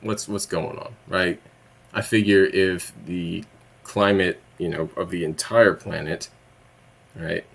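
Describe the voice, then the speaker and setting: A man rambling through a casual vlog monologue, laughing mid-sentence and swearing when annoyed. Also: low voice. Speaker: vlogger.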